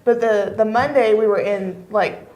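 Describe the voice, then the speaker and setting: A woman's voice: mid-range voice, fairly even intonation, normal speed, a little mellow. Chatty woman with lots of ums. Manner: chatty, laughs often, many ums. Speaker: chamber of commerce guest. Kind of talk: casual chat. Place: TV studio.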